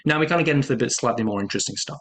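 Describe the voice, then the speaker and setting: Fast-talking casual male fitness coach. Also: medium pitch, expressive. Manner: quick, casual and repetitive, stacking "really, really" and "essentially". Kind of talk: explaining a training method to hikers.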